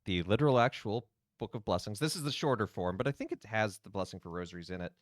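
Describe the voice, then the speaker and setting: Chatty priest streaming a game. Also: male voice, lowish voice, lively intonation, fast talker, dry recording, studio quality. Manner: chatty, rambling, many fillers. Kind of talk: casual gameplay commentary.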